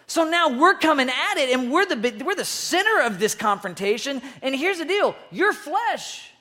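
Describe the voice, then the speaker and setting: A woman youth pastor preaching in a loose, conversational way to young listeners. Her talk is relaxed and everyday, with frequent restarts as she builds a point. She acts out the voices of the people she describes to make her points land. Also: high-pitched, normal speed. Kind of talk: sermon.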